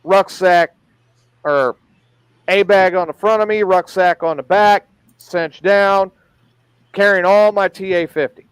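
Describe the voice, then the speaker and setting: A man's voice: high-pitched, a little slow, pauses often, smooth, no room sound. A man hosting a podcast, telling an emphatic, profane army story in casual chat.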